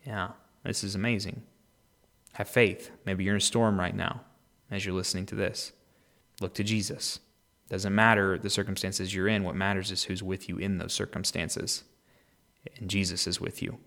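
A man's voice: sits low, level tone, normal speed, creaky, a bit bright. A man hosting a daily Bible podcast, explaining a passage in a conversational way and then praying aloud earnestly. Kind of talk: devotional Bible reading and prayer.

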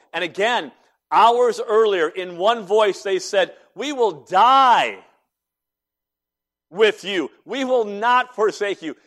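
A man preaching a sermon, retelling events dramatically and voicing each character, moving between loud emphasis and hushed lines. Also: sits high. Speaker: pastor.

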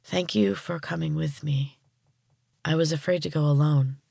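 A woman voicing a solemn young woman who is turning into a tree creature, speaking slowly in a breathy, weary voice. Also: sits low, steady tone, mellow, dry recording, studio quality, full character voice.

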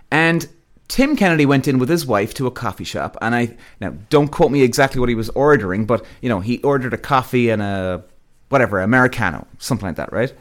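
A man hosting a podcast, delivering a blunt, profane rant straight to his listeners. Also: mid-range voice. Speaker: podcast host. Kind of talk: ranting monologue to listeners.

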